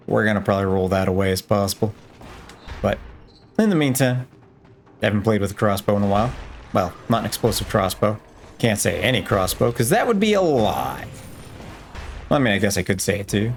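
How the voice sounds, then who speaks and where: Low-voiced man rambling over gameplay. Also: gravelly, slight background noise. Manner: rambling, playful, self-joking asides. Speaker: let's play gamer. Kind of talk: casual gameplay commentary.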